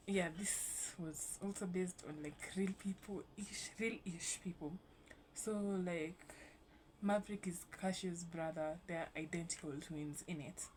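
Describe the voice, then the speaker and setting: Laid-back young woman vlogging, lowish voice. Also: a little hiss or hum. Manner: casual, rambling, swears lightly. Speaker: YouTube host. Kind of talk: casual vlog commentary.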